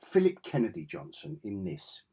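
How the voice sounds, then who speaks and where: A man's voice: on the low side, wildly swooping pitch, moderate pace, mellow, breathy edge. An English man with an enthusiastic, rambling way of talking, reviewing comic books in a casual vlog. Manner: rambling, enthusiastic, self-correcting.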